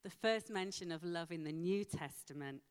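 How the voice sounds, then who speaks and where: A woman preaching a sermon, slow and emphatic with dramatic pauses. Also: fairly low pitch, clean tone. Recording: long hall reverb.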